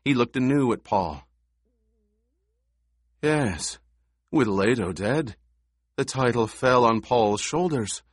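A man narrating an audiobook with steady, even storytelling. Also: mid-range voice, slow pace, long pauses, slightly rough, dry recording, clean studio sound. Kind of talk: scripted narration.

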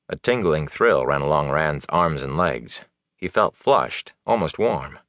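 A man narrating a fantasy novel in an expressive, dramatic way. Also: extremely low pitch, measured pace, dry recording, studio quality. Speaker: audiobook narrator.

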